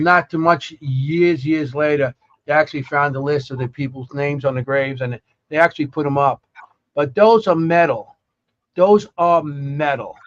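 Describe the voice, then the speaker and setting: A man hosting a podcast in a rambling, halting way, with many fillers and restarts as he tells stories. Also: a little high, lo-fi sound. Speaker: podcast host. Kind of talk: casual podcast chat.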